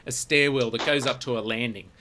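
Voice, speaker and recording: A man's voice: mid-range voice, steady tone, fairly quick, background noise. A man narrating a tabletop game as game master, in loose, rambling narration with fillers.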